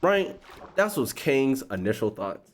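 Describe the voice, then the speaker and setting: A man hosting a gaming video, telling a story in a slangy, expressive way and often breaking into laughter. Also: mid-range voice, unhurried. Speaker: gaming YouTuber host. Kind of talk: animated storytime while playing a game.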